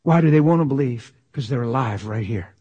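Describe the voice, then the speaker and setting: A man preaching a sermon with passion, swinging from loud exclamations to near-whispers. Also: mid-range voice, lively intonation, brisk, slightly rough, lo-fi sound.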